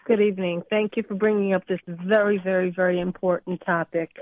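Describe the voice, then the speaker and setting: A woman's voice: on the low side, level tone, fairly quick, no room sound. A woman calling in to a radio show, speaking earnestly and repeating words for emphasis. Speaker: caller. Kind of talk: call-in radio comment. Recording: tinny phone line.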